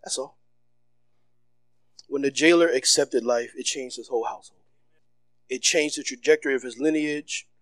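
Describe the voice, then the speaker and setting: A man preaching a sermon as pastor, loud and animated, with casual slang and repetitions, swinging between shouts and soft, low passages. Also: moderate pace, pauses often, dry recording.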